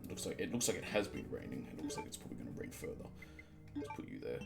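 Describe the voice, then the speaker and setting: A man's voice: a bass voice, sing-song, rapid-fire, gravelly, loud music behind the voice. A man streaming a video game, chatting casually to himself as he plays, swearing, laughing and trailing off, shivering a little from the cold. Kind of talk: casual let's-play commentary.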